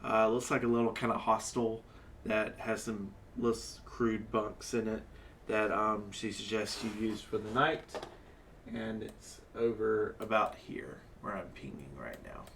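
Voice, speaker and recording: A man's voice: lowish voice, measured pace, gravelly, fairly bright tone, a little hiss or hum. A man narrating as dungeon master in a loose, rambling way, full of fillers and self-corrections. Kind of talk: improvised tabletop game narration.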